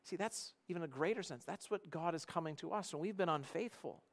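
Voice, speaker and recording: A man preaching a sermon in an earnest tone, swinging between loud emphasis and quiet, hushed passages. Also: fairly high pitch, quick pace, vocal fry. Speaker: pastor.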